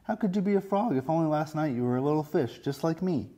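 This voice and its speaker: A man's voice: a little high, animated, quick pace, mellow, voice pushed up. A man voicing an eager little fish. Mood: doubtful. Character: curious, impatient young male fish.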